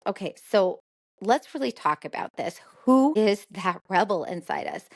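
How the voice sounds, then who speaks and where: A middle-aged woman hosting a solo podcast as a therapist, talking conversationally and explaining ideas through everyday examples. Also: mid-range voice.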